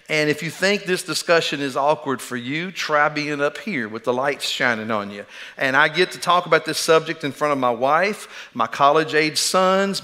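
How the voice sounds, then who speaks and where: A middle-aged man delivers a sermon from a church stage, his voice bright and forward. He talks in a folksy, self-deprecating way and often restarts his phrases. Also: a little high. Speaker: preacher. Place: church sanctuary.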